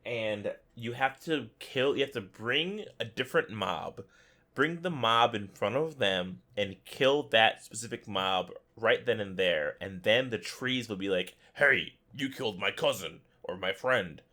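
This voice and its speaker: Man, podcast co-host, animated pitch, playful, jokey, casual chat. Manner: playful, laughs often, jokey asides.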